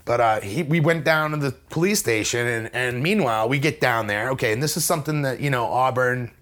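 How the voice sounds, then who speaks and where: Male interview guest, casual storyteller, mid-pitched, wry and self-deprecating, rambling with lots of restarts. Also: brisk, a bit bright. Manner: acts out other people's lines in a raised voice.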